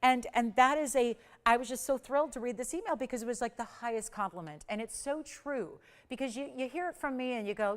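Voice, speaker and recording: A woman's voice: fairly high pitch, lively intonation, a little fast. Gushing woman host on TV shopping. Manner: gushing, chatty, breaks off mid-sentence. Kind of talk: live TV shopping pitch. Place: TV studio.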